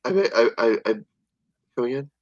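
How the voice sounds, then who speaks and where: A man's voice: lively intonation, moderate pace, dull audio. A man co-hosting a casual livestream chat, playful and prone to stammering. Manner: playful, stammering, wide swings in pitch. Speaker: stream co-host.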